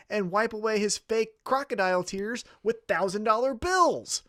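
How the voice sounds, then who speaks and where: A man's voice: sits high, moderate pace, a bit bright, no room sound, clean studio sound. A man co-hosting a wrestling podcast in casual chat, talking with profanity and acting out mock quotes.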